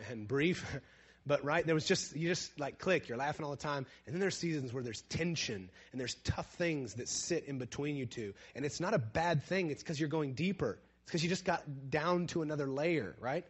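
A man preaching a conversational sermon who asks his listeners questions, drops to a hush and then builds to emphatic points. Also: on the high side, moderate pace, husky. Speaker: pastor.

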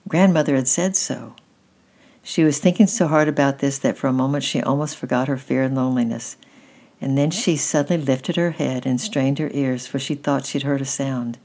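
A woman gently reading a children's story aloud at an unhurried pace. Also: rumbling low, fairly even intonation.

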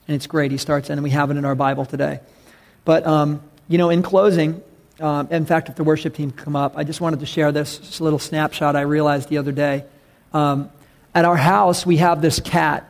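A man preaching a sermon as pastor, earnest and emphatic, rising to loud calls. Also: a little high, little pitch movement, brisk, creaky.

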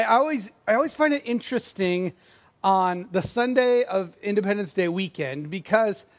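A middle-aged man delivers a sermon from the pulpit. His voice sits high, and his tone stays casual and self-deprecating. He often slips into acted-out quotes. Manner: conversational, self-deprecating, acts out quoted lines. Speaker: pastor.

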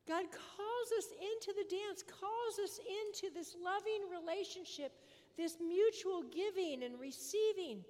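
A woman's voice: very high-pitched, expressive, measured pace, a little mellow. A woman priest giving a sermon in an earnest manner, leaning on repetition for emphasis, in a large church. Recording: long church reverb.

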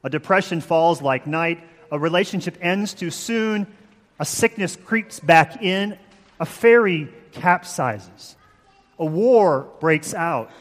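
A man preaching a sermon, measured and emphatic, with slow dramatic pauses. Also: on the high side, expressive, big-room sound. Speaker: pastor.

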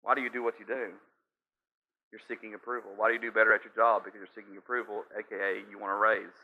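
A man's voice: fairly low pitch, level tone, fast. A man preaching a sermon in a conversational, storytelling way, with frequent asides to the listeners. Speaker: pastor. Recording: slightly dull lo-fi sound.

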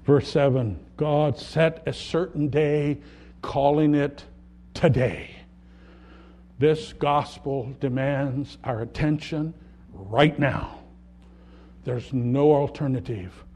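A man preaching a sermon, earnest, rising loud on key words and dropping soft at the ends of thoughts. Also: medium pitch, slow pace. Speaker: pastor.

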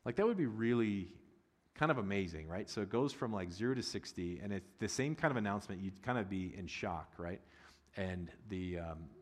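A middle-aged male pastor with a fairly low voice preaches in a casual, joking way and now and then breaks into loud, excited bursts. His voice rings with the long reverb of a large church hall. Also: moderate pace. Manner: conversational and humorous, rising to loud excited bursts. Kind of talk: sermon.

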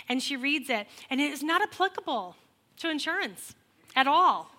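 Bright, animated woman telling a testimony. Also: sits high, moderate pace. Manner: animated and exasperated, acts out quoted people. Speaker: speaker sharing a personal testimony. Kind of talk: humorous storytelling testimony to an audience.

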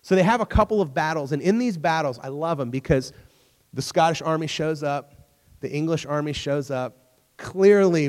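A man preaching in a relaxed, chatty way, his voice sitting a little higher than most men's. He tells stories and briefly voices the people in them. A long reverb trails each phrase, as if he is speaking in a large hall. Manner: conversational, acts out characters in the story. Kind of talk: casual sermon with storytelling.

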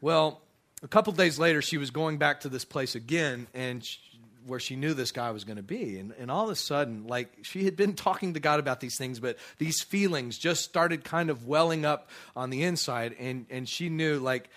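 A middle-aged man, a pastor, preaching a sermon through a personal story. He tells it as an animated storyteller with many restarts and brief voiced quotes of others. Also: a little high, normal speed.

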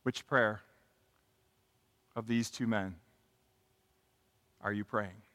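A man preaching a sermon as a pastor, moving from quiet reflection to impassioned emphasis. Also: fairly low pitch, steady tone, extremely slow, big-room sound.

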